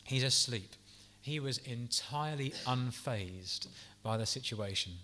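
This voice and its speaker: A man delivers a sermon with a bright, forceful tone. He speaks gently and earnestly, pastoral in manner, and stops now and then to restart a phrase. His pitch sits in an ordinary middle range for a man. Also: measured pace, a little hiss or hum. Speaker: preacher.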